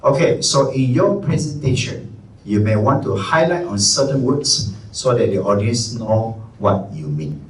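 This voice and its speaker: A man with a Malaysian English accent teaching a live workshop, energetic and conversational, stressing key words. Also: medium pitch, measured pace. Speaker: trainer. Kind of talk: live presentation skills workshop. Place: training room. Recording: echoey room, distant mic, faint room noise.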